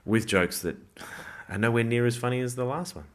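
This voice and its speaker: A man's voice: mid-range voice, brisk. A man co-hosting a casual film review chat, blunt and dry in his dismissive remarks. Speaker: film podcast co-host.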